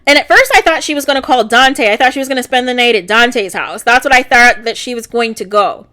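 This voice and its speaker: High-voiced woman recapping chattily. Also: brisk, sharp tone. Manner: chatty, exasperated storyteller. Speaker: TV reaction vlogger. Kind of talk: casual episode recap.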